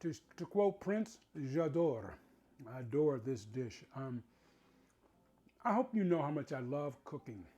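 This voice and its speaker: A man's voice: on the high side, sing-song, measured pace, husky, highs cut off. A man hosting a cooking show, chatting casually and enthusiastically as he tastes his food. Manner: warm, enthusiastic, savoring food aloud.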